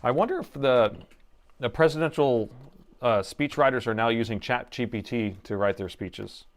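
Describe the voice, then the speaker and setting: A middle-aged man hosting a live laptop repair stream, chatting playfully and excitably with the viewers as he works. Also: medium pitch, normal speed. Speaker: host and laptop repair technician.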